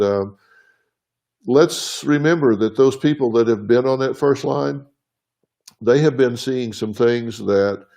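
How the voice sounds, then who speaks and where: Hosting a live show from his home, a man talks earnestly and plainly to his viewers, thinking aloud while answering their questions. His voice is mid-range and gravelly, with a darkish tone, and the talk is a live, casual address.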